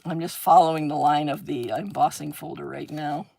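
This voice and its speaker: A woman's voice: low-pitched, steady tone, normal speed, creaky, a little mellow, no room sound. A woman hosting a crafting livestream, chatting casually as she works, rambling, laughing often and humming little sound effects while she draws.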